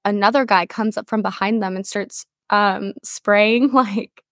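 Young female podcast co-host, chatty and rambling, slight vocal fry. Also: medium pitch, steady tone, a little slow, a bit bright, dry recording, clean studio sound. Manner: chatty storytelling, many fillers. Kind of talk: casual chat.

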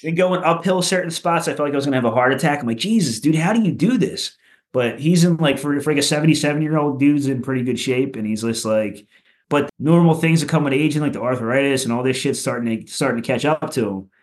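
A fast-talking punk rocker from Philadelphia spins casual, profane podcast stories full of "like" and "you know." He's animated throughout, and his voice climbs higher whenever he hits a funny moment.

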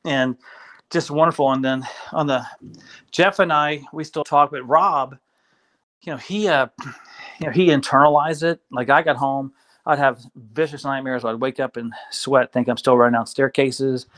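A man, a guest on an interview show, telling his story in a casual, animated way, acting out the voices of people he quotes. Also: mid-range voice, moderate pace. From Kentucky.

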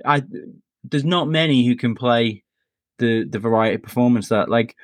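A man hosts a podcast in a mid-pitched voice. He talks in a casual, dry and teasing way. The sound is close and dry. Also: moderate pace, no room sound. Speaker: podcast host. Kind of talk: casual chat.

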